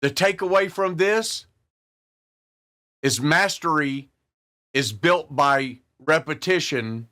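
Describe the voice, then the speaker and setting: An earnest man hosts a guitar channel. His voice is slightly high and bright. He talks very slowly and drives his points home by repeating them. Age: 60s. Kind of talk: casual talk to camera.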